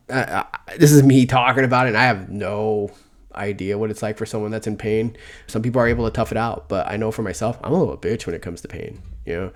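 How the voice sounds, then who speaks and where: A man co-hosting a casual podcast chat, rambling and stammering a lot, often mocking himself. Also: fairly low pitch. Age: adult, older than before. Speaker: podcast co-host.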